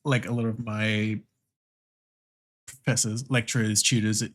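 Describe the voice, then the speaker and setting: A young Australian man streaming while he draws, thinking out loud in casual chat, laughing often and swearing freely. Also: lowish voice, little pitch movement, a little slow.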